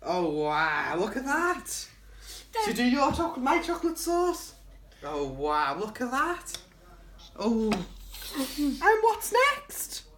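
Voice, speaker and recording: A man with a gentle, patient and coaxing manner, chatting casually and asking lots of encouraging questions while making a treat in a home kitchen. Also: high voice, sing-song, takes it slowly, slight background noise. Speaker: co-host of a home cooking video.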